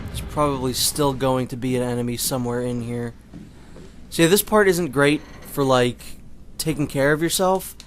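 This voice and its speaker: Young male let's-play commentator, mid pitch, chatty and rambling, faint game ambience underneath. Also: normal speed, a little hiss or hum. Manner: chatty, rambling with many fillers. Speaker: gameplay commentator.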